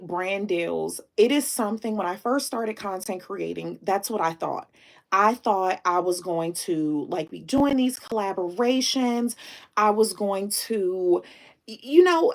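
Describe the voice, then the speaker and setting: A woman hosting a casual live stream. She thanks viewers warmly, drops in French greetings and speaks with emotion, close to tears. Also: medium pitch. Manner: chatty, repeats herself, thanks viewers.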